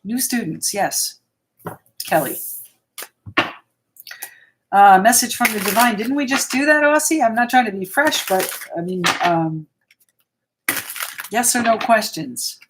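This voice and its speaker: A woman's voice: fairly high pitch, expressive, measured pace, pauses often, noisy background. A woman hosting a live tarot reading, chatting with viewers and reassuring them as she thinks aloud between cards. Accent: American. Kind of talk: live-stream card reading, answering viewers.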